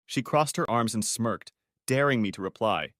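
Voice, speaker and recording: Sex: man. Role: audiobook narrator. Style: scripted first-person story. Pitch: lively. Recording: dry. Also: normal speed, no echo. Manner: dramatic, expressive storytelling.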